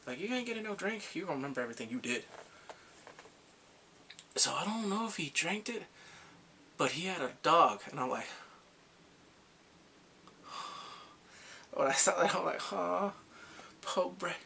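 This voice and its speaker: A man casually recapping a drama for his vlog, animated and acting out the characters' reactions with gasps and laughs. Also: fairly high pitch, normal speed, gravelly, pauses often, slightly rough. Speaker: K-drama reviewer.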